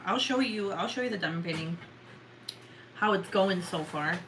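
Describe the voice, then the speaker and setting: A woman's voice: on the low side, lively intonation, normal speed, pauses often, a bit bright, a little hiss or hum, low-quality recording. A woman in her thirties chatting casually at home while she works on a craft, frank and sweary, sighing and laughing often. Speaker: vlogger. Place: home, at a table.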